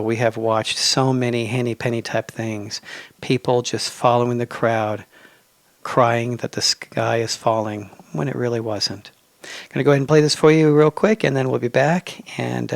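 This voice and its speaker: A man hosting a radio talk show, telling stories in an animated, chatty way. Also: mid-range voice, vocal fry, no room sound.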